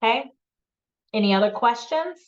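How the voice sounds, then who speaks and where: A woman's voice: a little high, animated, moderate pace. A woman math instructor giving classroom announcements, with frequent ums, checking in with "okay?". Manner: frequent ums, repeats key points with "okay?". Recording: dull lo-fi lecture recording.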